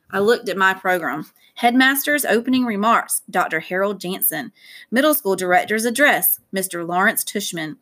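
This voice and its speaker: Female audiobook narrator, plain, steady storytelling. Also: medium pitch, normal speed. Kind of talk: scripted narration.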